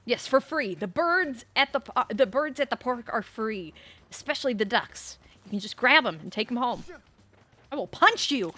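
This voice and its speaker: Bright, animated woman streamer. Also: fairly high pitch, normal speed. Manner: rambling, animated storytelling with outbursts of swearing. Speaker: streamer playing a game. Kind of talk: casual gameplay chat.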